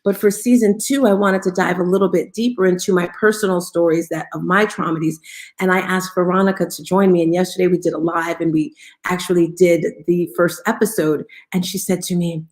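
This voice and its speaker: A woman's voice: lowish voice, fairly even intonation, brisk, darkish tone. A woman hosting a live motivational morning talk, upbeat and coaxing as she draws listeners in and leads call-and-response. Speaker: host of a live audio room.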